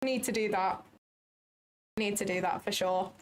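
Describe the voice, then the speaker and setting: A woman's voice: mid-range voice, measured pace, slight background noise. A young British woman hosting a casual livestream, joking and bantering with her chat and cursing now and then. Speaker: livestream trading host.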